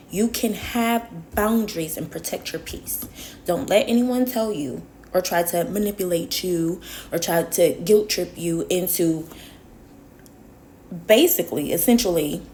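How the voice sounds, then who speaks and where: A woman's voice: on the low side, a little mellow, slight background noise. Emphatic woman telling a personal story. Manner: emphatic, repeats herself for stress; earnest, lecturing advice to viewers. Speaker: vlogger. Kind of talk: casual storytime monologue.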